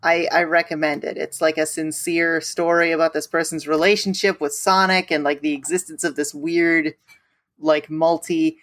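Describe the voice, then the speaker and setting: A woman guest on a podcast, chatting enthusiastically with quick asides. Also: sits low, flat delivery, fairly bright tone. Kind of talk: casual podcast chat.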